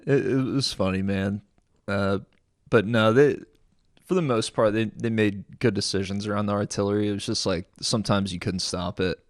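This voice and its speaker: A man and military veteran, telling war stories in an animated, slangy way with frequent laughter. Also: fairly low pitch, normal speed, no echo, studio quality. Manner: animated storyteller, slang like "dude", laughs a lot. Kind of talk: casual podcast storytelling.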